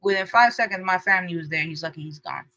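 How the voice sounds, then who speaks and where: A young woman co-hosting a podcast, telling a story in animated casual chat and acting out the people she quotes. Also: fast, poor audio. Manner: lively, acts out quotes with shifting pitch and loudness. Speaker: podcast co-host.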